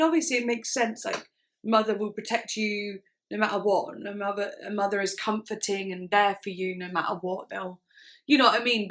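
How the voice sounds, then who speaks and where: Woman vlogger with a bright sharp voice, really gushy and excited, chatting casually about songs. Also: mid-range voice. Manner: gushing and enthusiastic. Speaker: music reaction vlogger. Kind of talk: casual reaction commentary.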